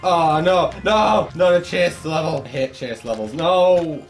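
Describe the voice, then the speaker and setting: A young man, a gaming YouTuber, delivers let's play commentary full of frustration, swearing and shouting at the game. His voice is fairly high and unhurried, with faint music behind it.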